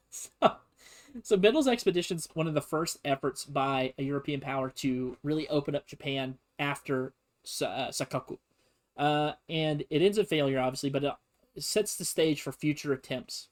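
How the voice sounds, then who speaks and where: A man's voice: on the high side, normal speed. A man casually teaching history on a stream, rambling and joking with lots of fillers. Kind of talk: casual comedic history lesson.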